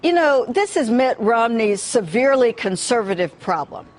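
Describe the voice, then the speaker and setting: A woman's voice: a little high, sing-song, normal speed. A woman guest on a TV news panel, offering dismissive analysis. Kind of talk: TV panel commentary.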